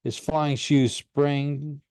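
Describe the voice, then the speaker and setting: A man reading a first-person story aloud in an earnest, animated way. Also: a little high, extremely slow, clean tone, no room sound, clean studio sound. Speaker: audiobook reader. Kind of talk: first-person audiobook narration.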